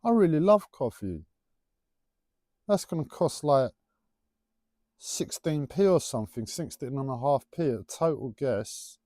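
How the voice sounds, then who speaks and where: Animated man musing playfully. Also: medium pitch, measured pace, long pauses, no room sound, studio quality. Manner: playful, rambling, teasing. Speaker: livestreamer. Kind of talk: casual spiritual musing monologue.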